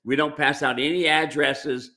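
A man's voice: on the high side, fairly even intonation, normal speed, pushed and bright. A middle-aged man who owns a mule ranch, talking casually with viewers in a folksy way, often stumbling over and repeating words. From United States. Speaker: mule ranch owner and trainer. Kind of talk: casual live-stream Q&A.

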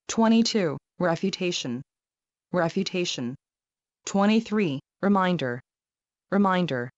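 A woman with a lowish voice reads numbered words at a slow, careful pace, saying each one twice. The recording is dry and close, with a slightly muffled, narrow sound. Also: no echo. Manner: slow, even reading of each word twice. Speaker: vocabulary reader. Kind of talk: reading a numbered word list for a listening test.

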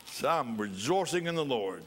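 A man's voice: mid-range voice, a bit bright, slight background noise. A male pastor preaching a sermon in church, repeating phrases for emphasis and bursting into laughter.

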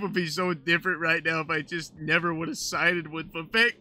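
A young man streaming in-character role-play chat, excitable and prone to loud exclamations. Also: a little high, moderate pace, few pauses.

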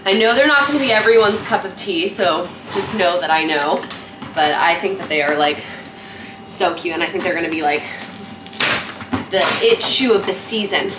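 A young woman vlogging casually from home, gushing and excitable, peppering her talk with "like". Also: fairly low pitch, moderate pace, background noise. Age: young adult. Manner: gushing, excitable, heavy use of "like". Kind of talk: casual vlog chat. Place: her apartment at night.

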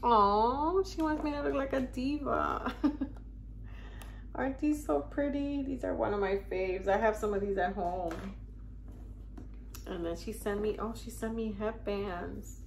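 An older woman talks slowly and unhurriedly as she opens gifts on camera. Her voice has a gravelly fry to it, and she gushes and exclaims over each item. A steady hiss of background noise runs under the recording. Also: a little high. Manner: gushing, exclaims and reads labels aloud. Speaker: vlogger opening mail. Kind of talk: casual unboxing chat.

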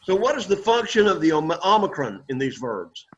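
A man's voice: a little high, very animated, brisk, dull audio. A man teaching a Greek class, explaining patiently and checking in with "okay?" after each point. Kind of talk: classroom lesson.

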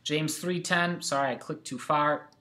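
A man's voice: fairly high pitch, steady tone, a little slow, bright, forceful tone. A man teaching a recorded catechism lesson to sixth graders, reading scripture aloud and numbering the worksheet answers.

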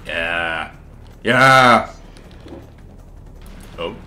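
A young man co-hosting a game playthrough, chatting excitedly and swearing as he plays. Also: low voice, very slow. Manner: excitable, swears and laughs often. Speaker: gaming video co-host. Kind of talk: casual gameplay banter.

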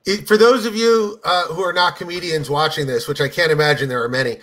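A high-pitched man with a bright, ringing tone tells a long story on a casual podcast. He slips in and out of the voices of the people he describes, keeping the pace lively. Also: fairly quick. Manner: animated storyteller, acts out quoted voices. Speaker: comedian guest.

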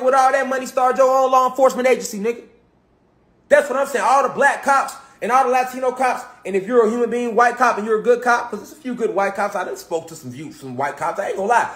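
A man launches into a profane, impassioned rant, hammering the same points again and again. His voice sits high and the words tumble out quickly. The room gives his voice a roomy, echoing ring. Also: a bit bright. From Chicago. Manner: emphatic, profane, repetitive street talk. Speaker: commentator.

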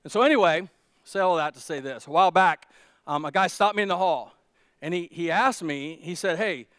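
Pastor preaching in a dry, close sound. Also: male voice, high voice, a little fast, a bit bright, no room sound. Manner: storytelling, many restarts and fillers, building to emphatic peaks. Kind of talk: conversational sermon. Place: church.

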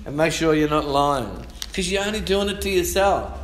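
Male pastor, high voice, lively sermon delivery, echoey church hall. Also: moderate pace. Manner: lively preaching, calls for amens, reads scripture aloud.

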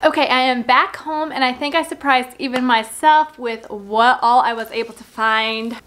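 A woman's voice: fairly high pitch, fairly even intonation, moderate pace, fairly bright tone. A young woman, congested from a cold, chatting casually and upbeat as a thrift vlogger. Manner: chatty, upbeat, filler-heavy. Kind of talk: casual vlog chat. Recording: music playing behind the voice.

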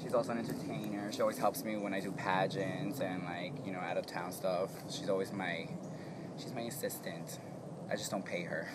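Campy joking drag performer outdoors. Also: male voice, low-pitched, steady tone, a little fast, noisy background. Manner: campy, joking, playfully crude. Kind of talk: casual behind-the-scenes chat. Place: outdoors in the rain at a video shoot.

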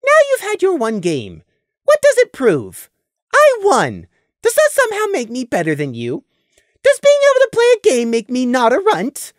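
Reader putting on a heated, lecturing thestral pony guy, raised voice, goes high, dry mic. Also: wildly swooping pitch, moderate pace, dry recording. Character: agitated male thestral pony, bitter and blunt. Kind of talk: fan audiobook reading.

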